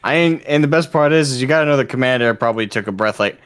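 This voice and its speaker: A man's voice: medium pitch, fast, smooth. A man co-hosting a livestream, chatting casually, cracking jokes and reading war stories aloud. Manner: joking, animated, slips into mock voices. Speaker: livestream co-host and story reader.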